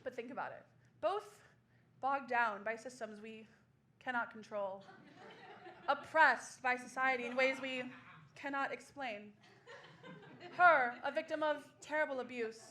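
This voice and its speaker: A woman's voice: high-pitched, measured pace, long pauses, sharp tone. A woman in her twenties doing a sardonic, self-mocking stand-up comedy set on a small club stage.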